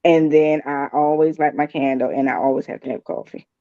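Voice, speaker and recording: A woman co-hosting a casual chat. She is relaxed, chuckles, and often chimes in with short agreeing sounds. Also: sits low, fairly quick, no echo. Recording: dull, dry, lo-fi sound.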